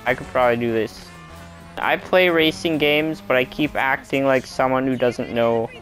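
A young man streaming a racing game, chatting to himself in a self-mocking, excitable way. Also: mid-range voice. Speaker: gameplay streamer. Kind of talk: casual let's-play commentary.

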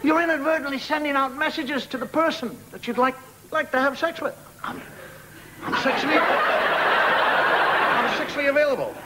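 A man's voice: extremely high pitch, very noisy. A man with an Irish accent doing a conversational stand-up monologue, acting out gestures and sounds, recorded in a 1980s television studio. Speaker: stand-up comedian. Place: television studio with live audience. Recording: 1980s TV broadcast with audience laughter. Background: audience laughter.

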